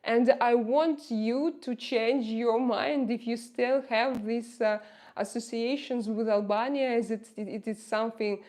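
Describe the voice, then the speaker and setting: A woman with a Russian accent, a native Russian speaker, chatting casually with her livestream viewers, often pausing to search for English words. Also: on the high side, steady tone, a little mellow. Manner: hesitant, searching for words with many fillers. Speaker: livestream host reading viewer chat.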